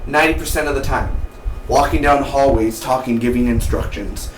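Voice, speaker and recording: Excitable male TV reviewer, slangy and loose, mid-pitched voice, roomy distant sound. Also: moderate pace, slight background noise. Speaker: TV show reviewer. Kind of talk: casual episode review. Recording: roomy, distant mic, faint ambience.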